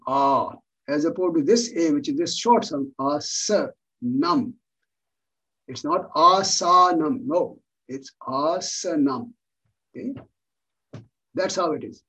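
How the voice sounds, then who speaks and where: A man leads an online class on yoga philosophy, patiently repeating key words for emphasis. His voice sits a little high and has a husky edge. It comes over a video call and sounds set back from the microphone. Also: recorded from a distance, low-quality recording.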